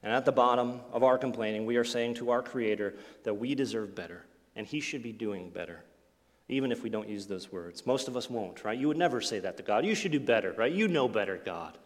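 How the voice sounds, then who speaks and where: A man's voice: mid-range voice, fairly quick. Man preaching in a reverberant church. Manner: storytelling, acts out quoted voices. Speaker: pastor. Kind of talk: sermon. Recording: long reverb of a church hall.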